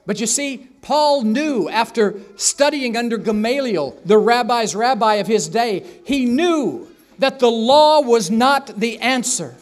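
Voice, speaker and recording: A man's voice: extremely high pitch, animated, a little slow, hardly any pauses. A man preaching a sermon in a church, telling a story with acted-out voices and asking the congregation questions. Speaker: pastor. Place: church sanctuary.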